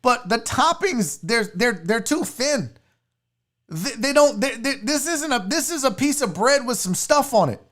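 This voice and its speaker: A woman's voice: fairly high pitch, animated, a little slow. A woman hosting a casual livestream chat, blunt, profane and mocking as she reacts. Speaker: sports show host.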